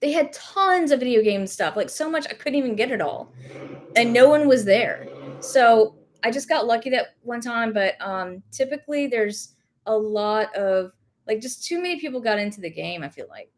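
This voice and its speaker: A young woman from the rural American South, with a light Southern US accent, hosts a livestream and works as a reseller. Her fairly high, animated voice moves at a moderate pace as she chats casually, reads viewer comments, and rambles with lots of fillers and self-corrections, all while sick with Covid.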